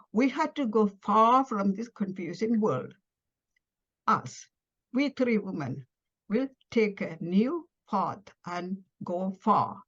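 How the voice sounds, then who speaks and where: A woman with a Tamil-influenced English accent reads her own first-person tale, speaking at a middling pitch. She throws herself into the quoted lines, sounding startled and pleading by turns. The recording is a little muffled and lo-fi. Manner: dramatic, voices quoted dialogue with rising emotion. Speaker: storyteller reading her own story. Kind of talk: first-person story reading. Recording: slightly dull lo-fi audio.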